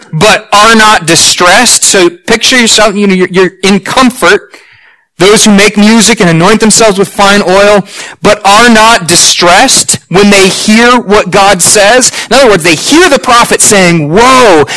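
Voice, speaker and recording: A man preaching a sermon to his congregation, earnest and emphatic, slowing down for weighty lines. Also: high-pitched, pushed and bright, low-quality recording. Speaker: pastor.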